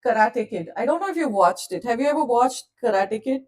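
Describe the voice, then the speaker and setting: A woman leading a live online coaching session, speaking gently and calmly and asking her listeners questions directly. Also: on the high side, brisk, far from the mic, poor audio. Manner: gentle, calm, soothing delivery. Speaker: self-development coach.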